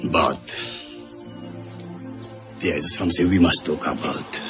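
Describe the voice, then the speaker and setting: A grave, solemn father with a thick Japanese accent. His voice is extremely deep and measured. Music plays clearly under the film scene. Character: grave father, former police sergeant. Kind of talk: film dialogue.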